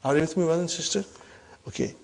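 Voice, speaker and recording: A man teaching an Arabic grammar class, repeating example sentences slowly and often checking in with the students. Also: a little high, vocal fry, a little mellow. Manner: checks in often with "huh?" and "are you with me".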